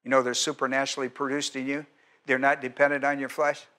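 Fast and animated, a male pastor preaches an expository sermon and keeps quizzing his congregation. He sometimes drops into a soft, low register to emphasize a point.

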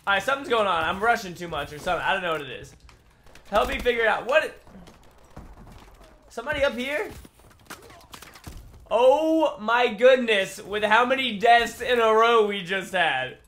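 Excitable high-voiced young man gaming. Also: moderate pace, pauses often. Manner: excitable, trash-talking, frequent laughter. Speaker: gaming YouTuber. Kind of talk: live gameplay commentary.

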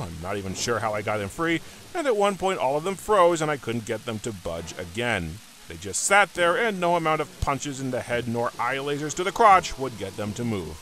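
A man's voice: medium pitch, fairly bright tone. A man narrating a video game review, sarcastic and profane, breaking into exasperated outbursts.

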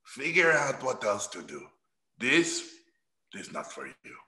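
A man putting on the voice of a harsh, cold old male art professor, speaking slowly and quietly in a roomy space. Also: medium pitch, very animated, heavily acted. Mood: contemptuous. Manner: slow, quiet, dismissive delivery. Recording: roomy echo.

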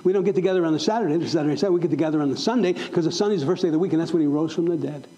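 A man's voice: a little high, very fast, warm tone, poor audio. A middle-aged male pastor preaching a sermon to a church congregation, emphatic and fond of repeating questions to the room. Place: church sanctuary.

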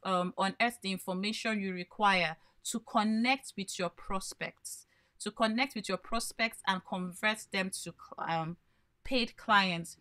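A woman's voice: medium pitch, bright, forceful tone. A woman coaching small business owners in a live workshop, explaining by posing questions and then answering them. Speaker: branding coach.

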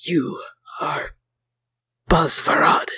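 A broken, wounded male soldier, as a woman puts him on, faltering through each sentence and restarting as he speaks. His voice sits a little low and drags along slowly, with a dry, close sound. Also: slightly rough, dry recording. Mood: faltering, fearful. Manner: slow halting speech with stammered restarts. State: bleeding, badly wounded.

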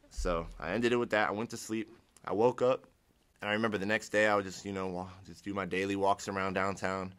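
A man's voice: low-pitched, fairly even intonation, fast, a bit bright, clean tone. A young man from Ohio sharing his personal testimony in a casual, rambling way, restarting sentences and acting out what he once said. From Ohio, United States. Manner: rambling, restarts sentences, acts out his own past words.

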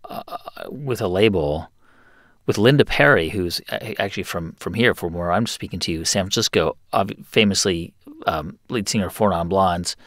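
Lively low-voiced interviewer. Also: male voice, no echo, clean studio sound. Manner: probing, summarizing the guest's story. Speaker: podcast host. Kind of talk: interview conversation.

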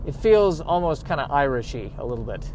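A man's voice: a little high, very animated, brisk, darkish tone, slight background noise. A man hosting a podcast, talking casually to himself while driving, rambling and joking at his own expense. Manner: self-deprecating, joking, rambling. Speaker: podcast host. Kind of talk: casual monologue.

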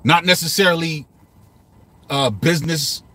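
Male vlogger, raised pitch and bright, husky tone, dry close sound, loose repetitive talk with cursing. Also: normal speed. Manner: loose and repetitive, swearing, quoting lines aloud. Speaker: lyric breakdown vlogger. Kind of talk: casual commentary.

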